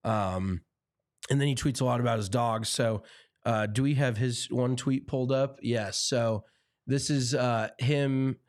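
Easygoing male co-host, mid pitch, chatty delivery, dry close-miked sound. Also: a little slow, no room sound. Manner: chatty, easygoing, filler-heavy. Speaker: podcast co-host. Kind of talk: casual chat.

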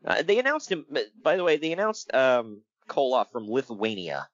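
Man, podcast co-host, casual chat, animated, laughs often, dry muffled sound. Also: mid-range voice, moderate pace, no room sound. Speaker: podcast co-host reviewing wrestling.

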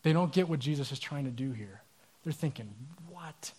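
A male pastor preaching a sermon in a casual, animated storytelling manner with asides. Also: mid-range voice, a little fast.

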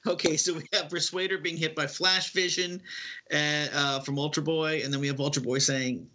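Bright-voiced man reading a comic aloud. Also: on the high side, level tone, normal speed. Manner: narrates panels with fillers and asides. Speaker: podcast co-host reading a comic. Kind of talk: casual comic read-aloud.

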